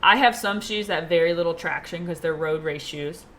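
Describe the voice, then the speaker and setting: Chatty enthusiastic woman, slightly low voice. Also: a little fast, fairly bright tone, a little hiss or hum. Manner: chatty, enthusiastic, laughs easily. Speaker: podcast guest, teacher and runner. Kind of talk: casual chat.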